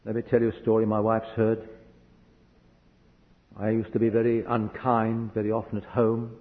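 A man's voice: fairly low pitch, monotone, moderate pace. A man from a hot country preaching a sermon, telling a personal story earnestly and vividly. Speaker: visiting preacher. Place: church hall. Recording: echoey hall, dull lo-fi sound.

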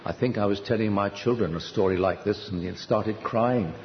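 An older man preaching a sermon at a conference, telling a personal story earnestly, with sudden lifts of pitch for emphasis. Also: normal speed, slight background noise. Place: conference hall. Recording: dull, slightly lo-fi hall recording with reverb.

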